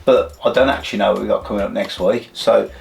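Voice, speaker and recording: A man's voice: on the low side, steady tone, quick pace, gravelly. A middle-aged man, co-hosting a punk music channel in a casual, rambling chat full of fillers. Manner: chatty, rambling, many fillers. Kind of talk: casual chat and joke telling.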